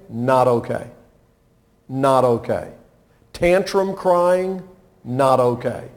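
A man delivering a sermon at an unhurried pace. He talks to the congregation conversationally, asking them questions. His delivery swings between soft, low passages and loud, emphatic peaks. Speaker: pastor.

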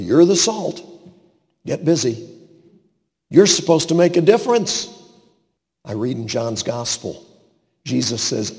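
A man's voice: mid-range voice, gravelly, big-room sound. Man preaching with wide dramatic swings. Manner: dramatic swings from loud to hushed, acts out quoted voices. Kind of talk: sermon.

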